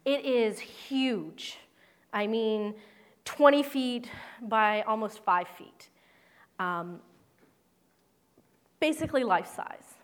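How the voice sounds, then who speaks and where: A woman's voice: fairly high pitch, very slow, long pauses. A woman pastor preaching a sermon in an earnest, conversational way with playful asides.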